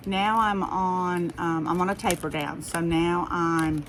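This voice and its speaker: A woman's voice: on the low side, steady tone, a little slow, a little hiss or hum, low-quality recording. A middle-aged woman with a Southern US accent, chatting casually and rambling through a haul video for her viewers. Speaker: haul vlogger.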